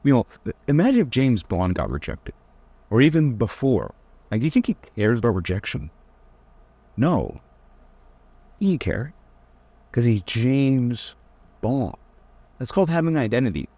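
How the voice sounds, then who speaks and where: A man's voice: mid-range voice, sing-song, unhurried, pauses often, dark tone, no room sound, highs cut off. A young man giving a casual, blunt dating-advice lecture, teasing his listeners and mocking them in whiny put-on voices.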